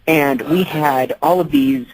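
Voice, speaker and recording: A young man from Ohio calling a radio show, measured and slightly hesitant. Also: fairly high pitch, darkish tone, low-quality recording. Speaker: radio caller. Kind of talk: phone-in call.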